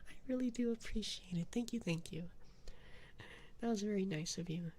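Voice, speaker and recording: A young man chatting on an ASMR livestream as a VTuber, switching between whispers and soft talk, giggling often and swearing casually. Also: high voice, normal speed, slightly rough. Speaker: VTuber streamer.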